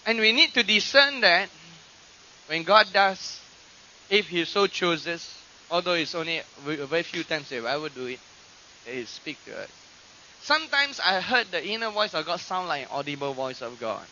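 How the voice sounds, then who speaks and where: A man preaching a sermon, teaching from scripture and acting out quoted voices with animated emphasis. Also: on the high side, moderate pace, slight background noise. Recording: dull lo-fi archive recording.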